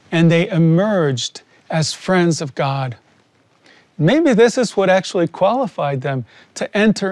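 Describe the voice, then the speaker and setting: Earnest high-voiced man, dry close sound. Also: a little mellow, dry recording. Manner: earnest, heartfelt, slow with deliberate pauses. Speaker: pastor giving a testimony. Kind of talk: scripted video teaching talk.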